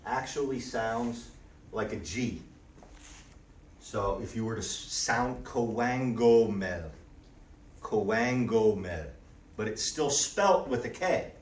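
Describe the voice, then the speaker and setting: A man teaching a language class in a relaxed way, often checking in with the students by asking "okay?". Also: mid-range voice, slight background noise. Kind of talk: classroom lesson. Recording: roomy, distant audio with faint background ambience.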